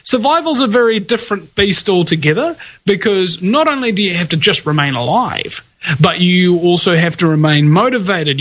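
Ranting high-voiced radio host. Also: male voice, a bit bright. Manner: ranting, emphatic, laughs often. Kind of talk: casual radio talk.

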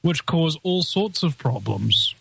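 A man's voice: a little high, sing-song, takes it slowly, gravelly, fairly bright tone, breathy edge, dry recording. A man hosting a casual talk show, rambling through wry, jokey asides. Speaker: host. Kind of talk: casual podcast chat.

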